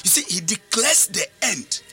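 A man's voice: high-pitched, big pitch swings, normal speed, over music. A man preaching a sermon, emphatic, switching languages and repeating phrases. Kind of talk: sermon with interpreter.

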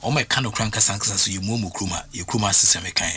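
A man's voice: fairly low pitch, quick pace, sharp tone, a little hiss or hum. A man talking football as a pundit, emphatic and full of restarts and repeated words. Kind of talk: animated radio sports talk.

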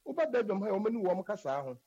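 A man's voice: high-pitched, very animated, rapid-fire, mellow, husky. A man from Ghana with a Ghanaian accent, explaining culture in an earnest, emphatic way that slips often into English. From Ghana, Asante. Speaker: guest speaking on Asante culture. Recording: dull lo-fi sound.

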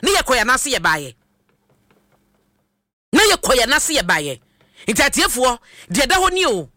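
Lively, bright radio commentator. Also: medium pitch, unhurried, no echo, studio quality. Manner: rhetorical questioning, emphatic. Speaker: radio host.

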